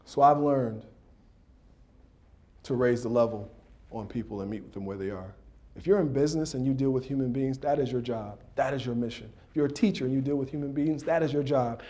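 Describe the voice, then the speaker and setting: A man giving a motivational speech at a dinner. He tells animated stories, throws questions at the audience and adds sound effects. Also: medium pitch, fairly quick. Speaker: motivational speaker and coach. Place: dinner banquet.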